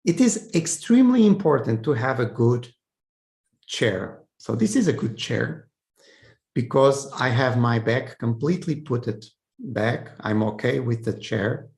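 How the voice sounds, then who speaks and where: A man's voice: medium pitch, lively intonation, unhurried, gravelly, a little mellow. A man, giving a conversational training talk over a video call, often checking in with "so" and "okay". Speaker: communication trainer. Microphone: video call setup.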